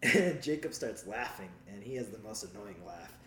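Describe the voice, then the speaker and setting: A man's voice: lowish voice, lively intonation, moderate pace, sharp tone, a little hiss or hum. A man casually telling a rambling, profane story, laughing as he goes. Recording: roomy sound with faint background ambience.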